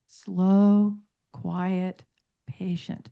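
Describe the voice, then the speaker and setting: A woman's voice: mid-range voice, normal speed, narrow, tinny audio. A middle-aged woman teaching about temperaments on a radio talk show, emphatic, stringing words into long lists and repeating points for stress.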